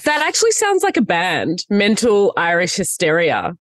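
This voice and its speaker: Woman interviewer, lowish voice, very lively melody, dry close sound, gushing and enthusiastic. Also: normal speed, dry recording. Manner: gushing, enthusiastic, laughs often. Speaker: entertainment interviewer host. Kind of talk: casual interview chat.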